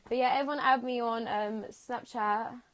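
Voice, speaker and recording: A young woman chatting casually on a phone livestream, replying to comments in a laid-back, drawn-out way. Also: a little high, steady tone, a bit bright.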